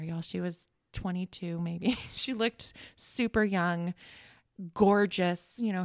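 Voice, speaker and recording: Creaky-voiced woman recounting loss. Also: on the low side, darkish tone, no echo, studio quality. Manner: halting, emotional, reliving the moment. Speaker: guest sharing her story. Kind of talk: personal storytelling in a podcast conversation.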